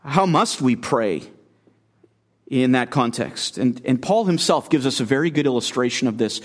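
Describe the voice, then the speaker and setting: A man's voice: mid-range voice, expressive, normal speed. A man preaching an expository sermon as a guest speaker, earnest and emphatic, often repeating phrases and asking the listeners questions.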